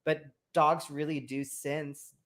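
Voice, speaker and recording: A man's voice: a little high, slow pace. A man with a Texan accent, a podcast guest chatting casually, easygoing and swearing freely. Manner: relaxed, swears casually, agrees a lot. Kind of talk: casual chat.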